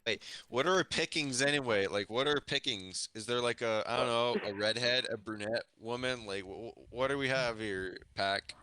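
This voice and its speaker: A man's voice: medium pitch, moderate pace, hardly any pauses, pushed and bright, smooth, close to an everyday voice. A man voicing a crude, lovesick young male superhero who rambles and stammers. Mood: pushy.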